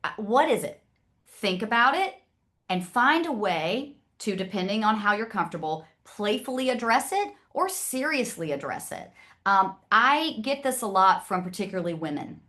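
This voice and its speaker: A woman's voice: mid-range voice, very animated, moderate pace, bright, forceful tone. A woman from the American South with a Southern accent, presenting to an audience in a chatty, direct way. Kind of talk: casual talk to an audience.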